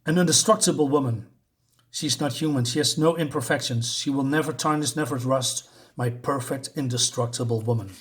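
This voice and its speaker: A man reading aloud the lines of a confused, obsessive male robot from a comic, in a flat voice. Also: mid-range voice, a little fast, lightly acted. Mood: obsessed.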